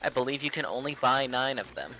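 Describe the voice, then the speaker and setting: A man casually commentating a speedrun race, relaxed and joking, explaining game details. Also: medium pitch, a little fast, background noise.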